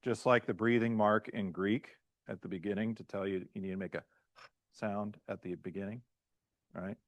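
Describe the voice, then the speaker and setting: A man who is a pastor, teaching a class in a halting lecture style and often checking in with "right?" and "okay?". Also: fairly low pitch, fairly even intonation, no echo, lo-fi sound. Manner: halting, restarts mid-phrase.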